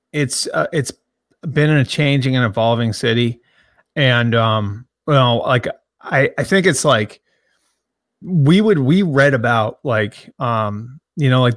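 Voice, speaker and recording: A man in his thirties, a sports journalist who grew up near Boston, answering interview questions in a halting way with many restarts and fillers. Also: mid-range voice, a bit bright, no room sound, studio quality. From grew up in the Boston area.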